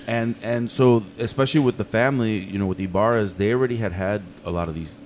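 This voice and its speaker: Man, chef, rapid talker, profane, animated storyteller, faint background hum. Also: fairly low pitch. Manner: animated, profane, acts out quotes in his story. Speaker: chef and restaurant owner. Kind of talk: casual podcast storytelling.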